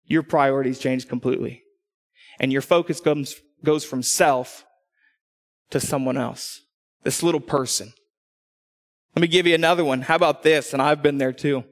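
A middle-aged man preaches to his church, acting out little quoted voices as he tells his stories. His voice sits a bit high, and a long reverb trails his words through the hall. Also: moderate pace, pauses often. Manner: animated storytelling, acts out quotes. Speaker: pastor. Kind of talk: sermon.

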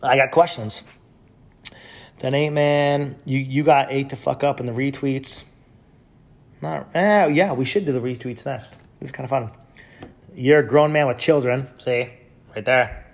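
A man hosting a podcast, reading out tweets with sarcastic, mocking commentary and sudden loud yells. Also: mid-range voice, a little slow, creaky, pauses often. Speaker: podcast host.

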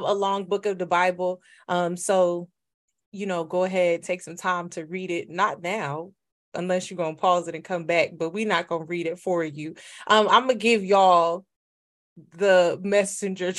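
Chatty woman podcaster. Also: lowish voice. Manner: chatty, laughs while retelling a Bible story. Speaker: podcast co-host. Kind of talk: casual faith podcast chat.

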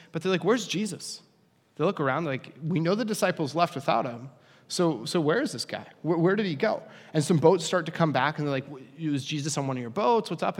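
Casual preacher in a reverberant hall. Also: male voice, a little high. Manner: conversational, animated, humorous asides. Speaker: pastor. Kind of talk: casual sermon.

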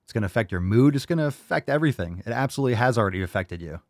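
A man's voice: medium pitch, animated, rapid-fire, no echo. Male host, casual fitness chat, blunt and profane, dry mic. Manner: blunt, profane, tough-love ranting. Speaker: podcast host.

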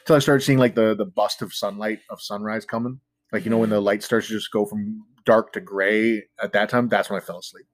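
Speaking fairly quickly in a fairly low voice with even intonation, a male guest relates a spooky story in casual, rambling fashion. Fillers abound, "like" most of all, and he occasionally jokes about himself, recorded without room sound.

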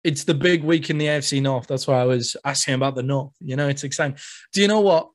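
A man's voice: mid-range voice, quick pace. A man hosting a podcast in casual sports chat, laughing often, self-deprecating and swearing. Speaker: podcast host.

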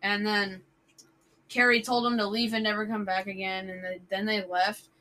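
A woman's voice: mid-range voice, normal speed, low-quality recording. A woman telling her side of a story in a casual chat among friends, recounting events step by step. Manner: steady first-person retelling.

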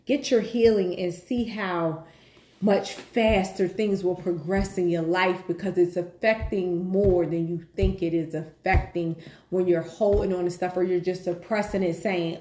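A woman's voice: on the low side, fairly even intonation, measured pace, warm tone. A woman host of a faith-based talk show, speaking in an encouraging, preacher-like manner. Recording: echoey room.

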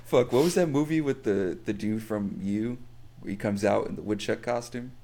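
A man's voice: lowish voice, moderate pace, gravelly, mellow. A young man co-hosting a podcast, rambling and swearing in casual banter. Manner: profane, rambling, laughs at own jokes. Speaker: podcast co-host.

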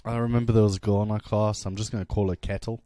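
A man's voice: on the low side, flat delivery, fast talker, warm tone, no room sound. A young man co-hosting a casual podcast, joking, boastful and crude, often laughing. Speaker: podcast co-host.

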